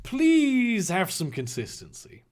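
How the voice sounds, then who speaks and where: A man reads a parody story aloud, breaking off into profane, rambling asides. His voice sits fairly high and swings widely. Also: wildly swooping pitch, slow pace. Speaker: comedic reader. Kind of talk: comedic reading with live asides.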